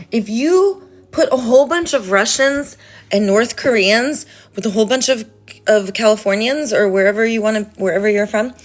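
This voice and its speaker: A woman vlogging in a rambling, playful rant that sometimes drops into a whisper. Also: mid-range voice. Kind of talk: casual rant to camera.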